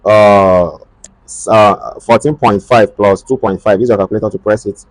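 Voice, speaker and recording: Man, lowish voice, dry close sound, repetitive halting instruction. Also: fairly even intonation, no echo, poor audio. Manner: halting, repetitive, thinks aloud while drawing. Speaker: tailoring instructor. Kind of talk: step-by-step sewing tutorial.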